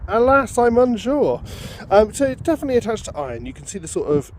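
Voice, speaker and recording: A man's voice: sits high, big pitch swings, racing, mellow, slight background noise. A man chatting upbeat to viewers while he works outdoors in a field. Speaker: metal detecting vlogger. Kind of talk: casual outdoor vlog commentary.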